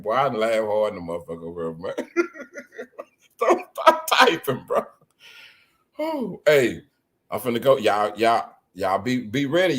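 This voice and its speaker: Animated man hosting a live stream. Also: medium pitch. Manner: loud, crude, animated banter with viewers. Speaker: livestream host. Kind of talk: live reaction stream chat.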